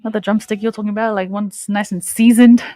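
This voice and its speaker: A woman's voice: medium pitch, level tone, fast talker, warm tone, no echo, studio quality. Giggly woman co-hosting a podcast. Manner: giggly, bubbly, rambling storyteller. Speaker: podcast co-host. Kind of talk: casual chat.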